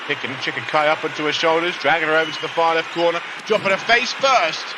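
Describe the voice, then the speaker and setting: A man's voice: on the high side, quick pace, noisy background. A young man commentating a wrestling game live on a stream, chatty and greeting viewers between calls. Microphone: laptop mic. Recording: music playing behind. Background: music.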